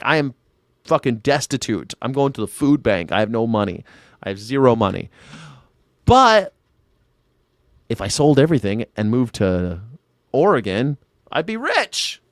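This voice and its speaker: A man's voice: mid-range voice, lively intonation, normal speed, no echo, studio quality. A man doing casual livestream commentary, rambling and profane as he answers viewers by name. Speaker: independent news and culture commentator. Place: home in Southern California.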